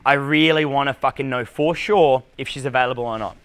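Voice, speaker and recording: Blunt, bright-voiced Australian coach. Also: male voice, medium pitch, fairly even intonation, brisk, clear, resonant tone. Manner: blunt, profane, punchy delivery. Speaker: dating coach. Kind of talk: live seminar talk. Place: conference room with live audience.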